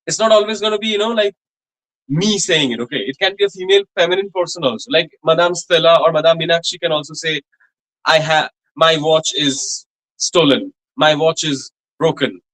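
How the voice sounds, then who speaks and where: Guy teaching french class, kinda high voice, lots of "you know, like", repeats stuff slowly. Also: fairly bright tone, rough recording. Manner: repetitive, many fillers and restarts, slow spelled-out examples. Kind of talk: classroom lecture. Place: college classroom.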